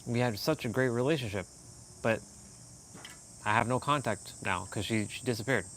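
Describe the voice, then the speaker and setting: A man from Canada chatting casually on a live stream, rambling and animated, laughing often as he talks to viewers. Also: mid-range voice, normal speed, slight background noise.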